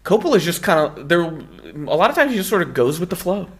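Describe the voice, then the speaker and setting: A man's voice: sits high, very animated, fairly quick, slightly rough. A man co-hosting a film podcast, chatting casually and explaining film history at length. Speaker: podcast co-host.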